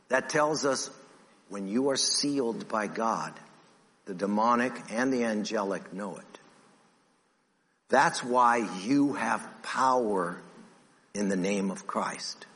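A man preaching a sermon who acts out the voices in his stories and drops low and slow for emphasis. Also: pushed and bright. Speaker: pastor. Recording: long reverb of a church hall.

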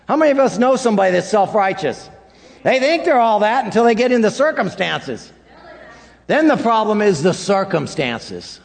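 A man preaches with animated energy, slipping into quoted dialogue as he speaks to his congregation. His voice sits a little higher than most men's. The recording carries a long hall reverb. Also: normal speed, gravelly. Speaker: pastor. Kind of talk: sermon.

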